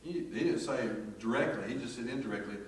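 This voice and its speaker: A man preaching a sermon, telling a folksy, animated story full of acted quotes. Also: mid-range voice, fast talker, a little hiss or hum. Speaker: pastor. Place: church sanctuary. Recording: echoey church hall from far off.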